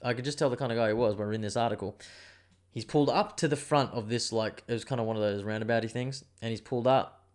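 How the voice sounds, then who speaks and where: A man hosting his own podcast, telling a news story in a rambling, animated way with plenty of swearing. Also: mid-range voice, quick pace. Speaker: podcast host. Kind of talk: casual solo podcast rant.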